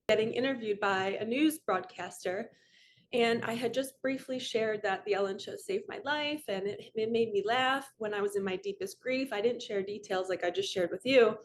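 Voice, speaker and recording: A woman's voice: medium pitch, normal speed, a little hiss or hum. A woman in her forties, a manifestation coach, telling a personal story in a candid, emotional, rambling way.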